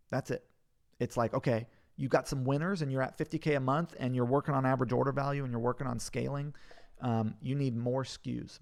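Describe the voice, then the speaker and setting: A man's voice: mid-range voice, gravelly, darkish tone. A man hosting a casual live Q&A, reviewing viewers' pages and answering their questions in a loose, jokey, sometimes profane way. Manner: reads questions aloud and reviews pages on screen.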